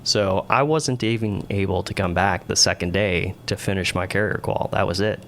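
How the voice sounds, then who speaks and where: A man with a very low, gravelly voice tells a story in a relaxed, rambling way. He is a naval aviator guesting on a podcast and keeps checking in with "right?". A faint hiss sits under the voice. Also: moderate pace. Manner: rambling, conversational, frequent "right?" tags. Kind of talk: casual storytelling interview.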